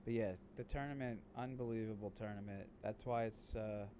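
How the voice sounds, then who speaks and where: A man's voice: fairly low pitch, fairly even intonation, a little fast, mellow, slight background noise. A young man co-hosting a casual sports podcast, often stumbling and repeating words as he starts a point. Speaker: podcast co-host.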